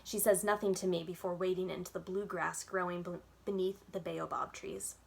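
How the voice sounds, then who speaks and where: A woman, a children's librarian, reading a children's novel aloud in clear, even narration. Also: on the low side, normal speed.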